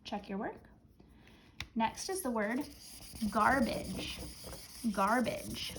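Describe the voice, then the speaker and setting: Woman teacher, patient spelling dictation, a bit high, faint hiss. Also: animated, very slow. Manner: clear, patient dictation with counting down. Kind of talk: spelling lesson.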